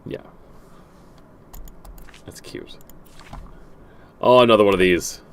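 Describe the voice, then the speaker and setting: A man's voice: on the low side, slow, clean tone. A man playing through a game, reading its letters and messages aloud with frequent stumbles, restarts and dry asides. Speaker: game streamer.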